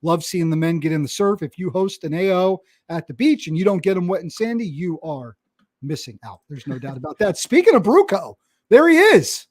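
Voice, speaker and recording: A man co-hosting a podcast in casual, bantering chat, reading out listener shout-outs. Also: high voice, very animated, brisk, dry recording, studio quality. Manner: upbeat, bantering, reads listener names. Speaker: podcast co-host.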